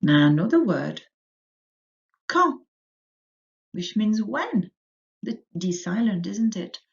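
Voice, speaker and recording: Woman teacher drilling french words for kids, slow and sing-songy, kinda dull lo-fi sound. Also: mid-range voice, big pitch swings, vocal fry, darkish tone. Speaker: primary school French teacher. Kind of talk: recorded remote lesson for children. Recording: dull lo-fi audio.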